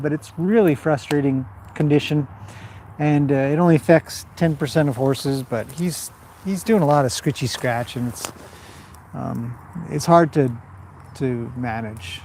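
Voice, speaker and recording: A man's voice: a little high, vocal fry, darkish tone. Canadian guy rambling on a farm livestream, chatty, reads out comments, outdoorsy background noise. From western Canada. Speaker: livestream host. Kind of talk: casual outdoor livestream chat. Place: outdoors by a fire at a horse farm.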